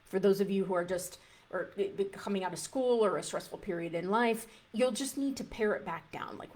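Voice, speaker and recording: A woman's voice: medium pitch, moderate pace, a little mellow. A woman dietitian coaching a live group in a conversational way, often restarting phrases and acting out an inner voice.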